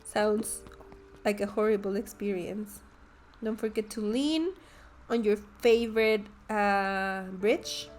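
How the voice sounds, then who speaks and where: A woman's voice: mid-range voice, takes it slowly, darkish tone. Chatty woman streamer, music behind. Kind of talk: casual gameplay commentary.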